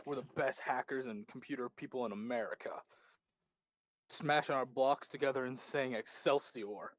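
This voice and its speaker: A man in casual chat as a tabletop game player, animated and jokey, slipping into quick comic voices. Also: mid-range voice.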